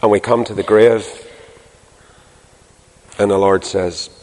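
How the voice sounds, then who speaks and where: A man preaching a sermon to a congregation, swinging between loud emphasis and hushed tenderness. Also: on the low side, steady tone, takes it slowly. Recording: long hall reverb.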